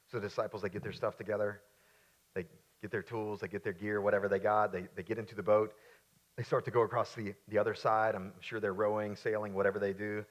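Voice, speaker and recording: A male pastor preaching a sermon. He is emphatic, repeats key lines, and drops into quieter, casual asides while telling a story. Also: on the low side, little pitch movement, quick pace.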